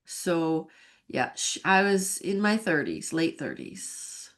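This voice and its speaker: A woman's voice: deep voice, very animated, slow, fairly bright tone. A woman in her fifties, a podcast guest, telling her personal faith story in an earnest, emotional way. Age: 50s. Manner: earnest and emotional, sighing and laughing at herself.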